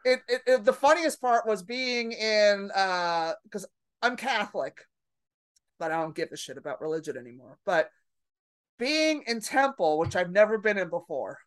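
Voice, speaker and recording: Female comedian guest, casual storyteller, lively and self-mocking. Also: mid-range voice, normal speed. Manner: animated, acts out her own panicked thoughts.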